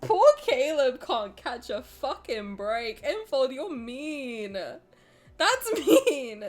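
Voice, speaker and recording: A woman's voice: high-pitched, big pitch swings, slow pace. A woman streamer reacting on a livestream, laughing hard and swearing casually, crying with laughter.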